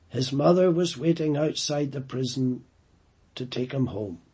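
Male preacher, husky and unhurried, storytelling sermon delivery. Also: mid-range voice, dark tone. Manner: storytelling, slowing down for emphasis.

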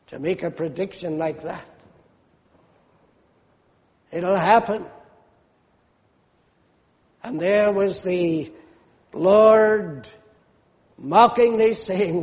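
A man's voice: high-pitched, slow, pauses often, a little mellow. A man preaching a sermon with fervent, swelling emphasis. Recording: long hall reverb.

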